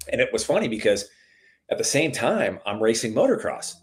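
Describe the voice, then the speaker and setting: A middle-aged man telling stories in a relaxed conversation, calling the listener "dude" a lot and getting animated at the exciting parts. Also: fairly low pitch, brisk. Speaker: podcast guest. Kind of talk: casual storytelling chat.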